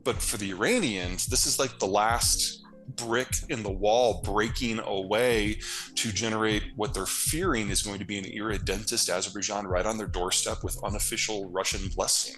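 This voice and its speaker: A man with a fairly low voice answers interview questions, explaining things bluntly and fluently with casual asides. He is from the United States. Soft music plays faintly underneath. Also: normal speed. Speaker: geopolitical analyst guest.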